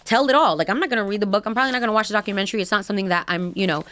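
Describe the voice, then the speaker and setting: A woman's voice: medium pitch, very fast, fairly bright tone, a little hiss or hum. A woman co-hosting a podcast in casual chat, passionate and emphatic, with playful asides. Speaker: podcast co-host.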